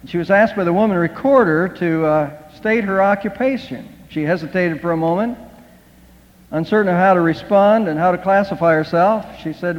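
A man preaching a sermon as the pastor, praying earnestly and telling a story, often halting and restarting his words. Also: high voice. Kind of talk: sermon with prayer. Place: church sanctuary. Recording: dull sound in a reverberant hall.

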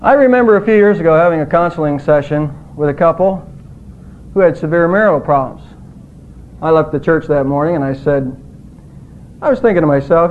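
A man's voice: a little high, brisk, a little hiss or hum. A male pastor preaching a sermon in an earnest, emphatic way, his voice rising on quoted words. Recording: tinny phone-like audio.

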